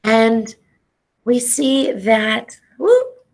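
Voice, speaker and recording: A middle-aged woman, an ethnobotanist, telling lively stories to students in an animated educational talk over a video call. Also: mid-range voice, moderate pace, vocal fry. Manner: animated storyteller, exclamations and acted-out quotes; casual, says y'all.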